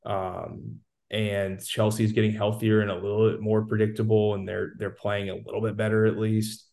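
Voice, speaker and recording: A man's voice: on the low side, level tone, moderate pace, vocal fry, darkish tone. A man on a casual sports chat, confidently breaking down how the league is going. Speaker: soccer analyst guest.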